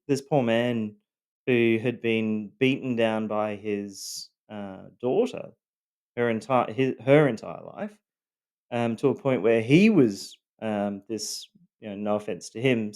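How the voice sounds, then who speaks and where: A man telling his own story of family abuse in a halting, blunt way, full of fillers and the odd swear word. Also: mid-range voice, darkish tone, clear, resonant tone. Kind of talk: personal storytelling to camera.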